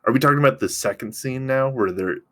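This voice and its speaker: A man co-hosting a podcast, recapping a TV episode in casual, excitable chat, swearing freely. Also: mid-range voice. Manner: excitable, swearing, recapping scenes with quick impressions. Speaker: podcast co-host.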